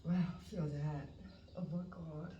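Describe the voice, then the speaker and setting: A woman, giving a spiritual tarot reading in a slow, emotional, halting way that sometimes drops to a whisper. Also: sits low, fairly even intonation, warm tone, lo-fi sound. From Western Australia. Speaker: tarot reader. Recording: roomy, distant mic, faint background noise.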